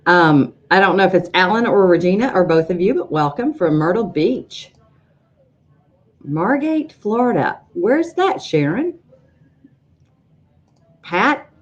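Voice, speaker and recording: A woman hosting a live sewing-software show, greeting viewers in a chatty, rambling way with frequent ums. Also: mid-range voice, animated, a little slow, long pauses, lo-fi sound. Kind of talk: casual livestream chat greeting viewers.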